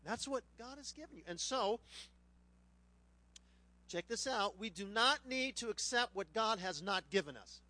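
A middle-aged man, a pastor preaching a sermon, who tells funny stories with lively voices mixed into his teaching. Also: sits high, a little slow, long pauses. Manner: animated, humorous storyteller who puts on voices. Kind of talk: sermon with a personal anecdote.

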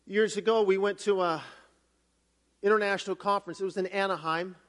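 A male pastor giving a sermon, telling a story in an animated way with many restarts and fillers. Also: sits high, brisk.

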